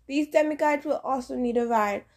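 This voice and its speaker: A woman's voice: high-pitched, normal speed. A woman voicing a stern, commanding huntress goddess in an audiobook, curt and firm.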